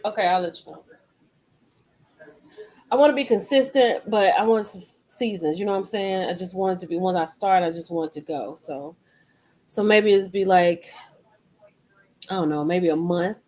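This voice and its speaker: A woman's voice: fairly low pitch, moderate pace, pauses often, darkish tone, low-quality recording. Rambling woman chatting to viewers. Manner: rambling, repeats phrases, talks straight to viewers. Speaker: live stream host. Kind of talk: casual live-stream chat.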